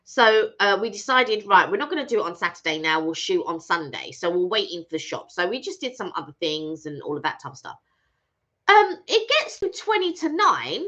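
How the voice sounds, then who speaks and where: A woman hosting a casual live stream, telling a story in an animated way and acting out both sides of a phone call. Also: medium pitch. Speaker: channel host. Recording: dull lo-fi stream audio.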